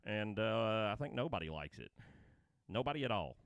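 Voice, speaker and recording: A man's voice: on the low side, moderate pace, creaky, dull audio. A man co-hosting a casual chat show, rambling and laughing as he tells stories. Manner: rambling, laughing, excitable storytelling. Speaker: podcast co-host.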